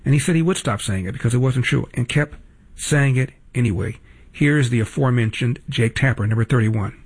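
Male talk radio host, gravelly, indignant and mocking. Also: mid-range voice, fairly quick.

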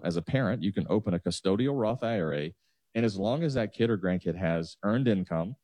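A man's voice: sits low, dark tone, no echo. A man, a financial advisor patiently walking listeners through numbers on a talk show. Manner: explanatory, walks through numbers step by step.

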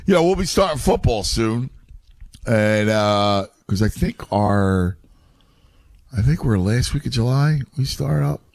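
A man's voice: mid-range voice, animated, a little slow, gravelly, a little mellow, no echo, clean studio sound. A middle-aged man in casual chat who talks animatedly, stumbles over his words, and says "dude" a lot.

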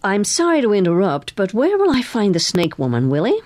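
A woman reading aloud, voicing a curious older lady who speaks in an admiring, lively way. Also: mid-range voice, fairly quick, no room sound, voice pushed up. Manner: warm, admiring.

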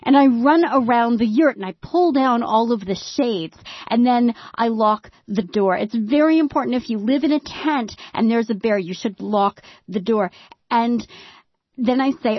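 Slow, wry woman storyteller. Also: fairly high pitch, no room sound, lo-fi sound. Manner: wry, dry humor with dramatic hushed drops. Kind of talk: personal storytelling monologue.

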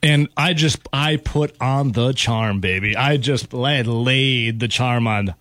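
A man's voice: mid-range voice, slow, fairly bright tone, no room sound. A man, hosting a radio show and telling a story in casual chat, laughing as he goes.

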